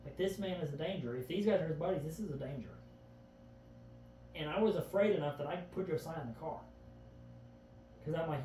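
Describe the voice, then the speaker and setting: A man's voice: a little high, brisk, pauses often, mellow. Earnest man telling a story in an echoey room. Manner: earnest, vivid retelling with frequent "I remember". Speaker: podcast guest. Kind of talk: storytelling in a casual chat. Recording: echoey room, far from the mic, faint background hum.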